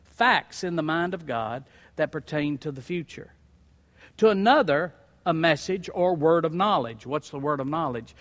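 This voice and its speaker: A man's voice: on the high side, expressive, moderate pace, fairly bright tone, in a large hall. A male pastor preaching a sermon, building emphasis through repeated phrases. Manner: preaching with rising emphatic repetition.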